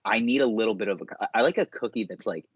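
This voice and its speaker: A man's voice: fairly low pitch, very fast, breathy edge, no room sound. A young man co-hosting a podcast in loose casual chat, rambling, swearing and laughing often. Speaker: podcast co-host. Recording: dull, dry, lo-fi podcast mic.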